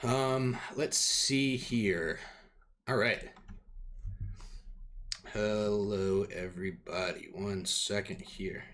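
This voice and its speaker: A man's voice: lowish voice, very slow, long pauses, fairly bright tone. A young man running a tabletop game, chatting casually and upbeat with many fillers. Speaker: game master.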